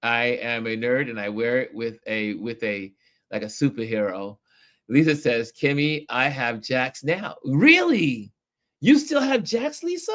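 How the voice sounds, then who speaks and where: Slow-talking man hosting a nostalgic chat. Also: on the high side. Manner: laughs often, animated and nostalgic, stretches words. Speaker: livestream host reading viewer comments. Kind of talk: casual chat.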